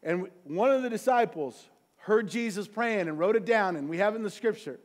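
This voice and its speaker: Pastor guy preaching, high voice, gets loud then drops to quick quiet asides. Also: expressive. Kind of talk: sermon. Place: church sanctuary.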